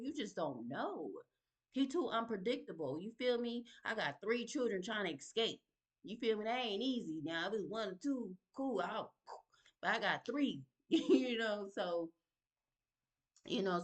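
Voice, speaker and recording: Animated slangy woman telling her story. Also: medium pitch. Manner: animated, slangy, keeps checking in with the listener. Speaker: vlogger sharing her story. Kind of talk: personal storytelling.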